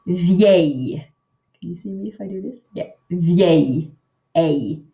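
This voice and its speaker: A woman teaching French pronunciation in an online lesson, patiently modelling words slowly and repeating them, with chatty asides. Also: fairly low pitch, warm tone, dull audio.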